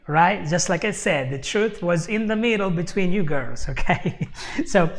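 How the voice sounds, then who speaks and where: A man teaching English in a live online lesson, moving at an unhurried, drawn-out pace. He keeps checking in with his viewers, tosses in quick laughs and answers chat comments by name. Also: sits high, animated. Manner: explanatory, checks in with "okay?" constantly, laughs often.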